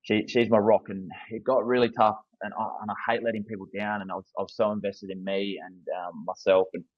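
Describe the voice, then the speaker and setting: A man's voice: lowish voice, little pitch movement, fairly quick, dry recording, lo-fi sound. An Australian man in his thirties, a football coach speaking as a guest in a casual interview, candid and earnest, often restarting his sentences.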